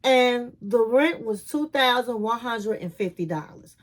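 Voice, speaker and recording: Chicago woman with a high voice doing a sassy tv recap, blunt, talks straight to you. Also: expressive, a little slow. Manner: sassy, blunt, acts out the cast's lines. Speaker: reality TV recap vlogger. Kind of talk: casual recap commentary.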